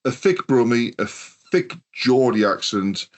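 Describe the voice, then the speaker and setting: A man's voice: mid-range voice, very animated, a little slow. British man, podcast host, rambling, swears a lot, casual chat.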